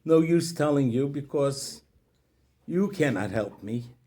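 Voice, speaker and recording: A man's voice: medium pitch, animated, takes it slowly, dark tone. A man voicing a distraught man who lost everything. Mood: sad. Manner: distraught, pleading. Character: grief-stricken man who lost his fortune.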